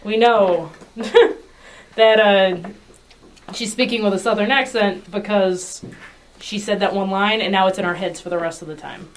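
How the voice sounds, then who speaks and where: A woman's voice: medium pitch, measured pace, a little hiss or hum, low-quality recording. A woman co-hosting a casual writing podcast, telling rambling, self-deprecating anecdotes. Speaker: podcast co-host. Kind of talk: casual panel discussion.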